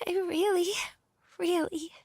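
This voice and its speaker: A grieving young florist talks through tears in a very high, slow voice, as a woman plays her. Her words come out haltingly and her voice has some creak. The sound is dry and close. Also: darkish tone, dry recording, heavily acted. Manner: halting, hesitant. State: tearful.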